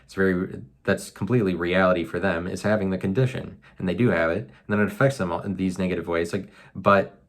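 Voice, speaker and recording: Man with a very low voice, solo podcast monologue, rambling and musing, lots of fillers. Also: fairly even intonation, fast. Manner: musing, filler-heavy, self-mocking. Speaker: podcast host. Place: apartment room.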